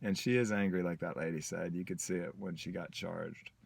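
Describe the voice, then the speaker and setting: A man talks in a candid personal video diary, reflective and halting, with many pauses. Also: deep voice, fairly even intonation, creaky, slightly rough. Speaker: vlogger.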